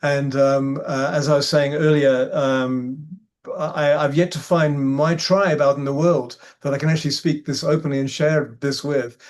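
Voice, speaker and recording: A male guest musing in a halting, reflective way about spiritual community. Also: on the high side, steady tone. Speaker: guest panelist.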